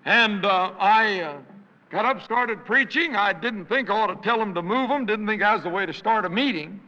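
An older man with a hoarse voice, a traveling evangelist telling folksy stories in a sermon and acting out the people he quotes. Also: high-pitched, expressive, normal speed, sharp tone. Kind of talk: anecdotal sermon storytelling with jokes. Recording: reverberant hall, dull lo-fi sound.

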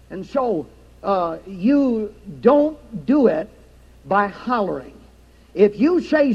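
High-pitched male preacher, emphatic. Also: a little mellow, muffled recording. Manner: emphatic preaching cadence, recites scripture. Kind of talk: sermon. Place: church sanctuary.

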